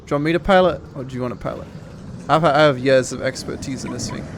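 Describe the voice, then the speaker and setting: A man's voice: mid-range voice, quick pace, a little hiss or hum. A man hosting gameplay commentary with friends, joking and rambling through explanations. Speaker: gaming channel host.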